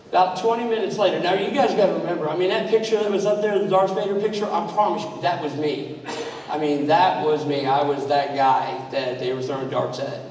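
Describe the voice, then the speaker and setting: A man's voice: a little high, brisk, darkish tone. Story-telling man in an echoey hall. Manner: conversational, storytelling, quizzes the audience. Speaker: speaker at a club training event. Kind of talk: anecdotal speech to an audience. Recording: echoey hall, mic far off, faint noise.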